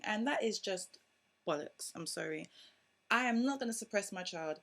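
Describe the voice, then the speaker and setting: A young woman, a mother vlogging to camera in casual, outspoken and animated talk. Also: medium pitch, normal speed. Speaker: parenting vlogger.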